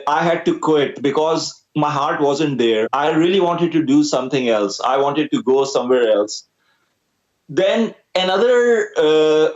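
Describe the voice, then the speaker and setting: A man's voice: fairly high pitch, echoey room, highs cut off. A young man from Pakistan with a Pakistani accent, an Urdu speaker, talking as a guest musician in a casual interview, hesitant with many fillers. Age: young adult.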